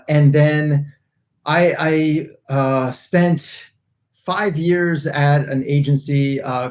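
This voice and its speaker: A middle-aged man answering interview questions thoughtfully, with many fillers and restarts. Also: a little high. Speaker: guest, agency CEO.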